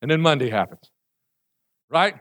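A man, a pastor preaching a sermon and telling stories in an animated way. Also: a little high, normal speed. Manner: animated storytelling, acting out prayers and screams.

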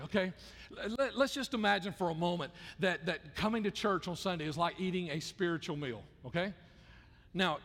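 High raspy-voiced guy preaching, earnest, keeps repeating himself, big church echo. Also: fairly bright tone. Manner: earnest, conversational, repeats and restarts words. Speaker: pastor. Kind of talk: sermon.

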